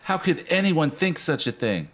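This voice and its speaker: Dude doing a teen girl voice, high and pleading, all over the place. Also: big pitch swings, normal speed. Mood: shocked. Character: bewildered teenage girl, earnest.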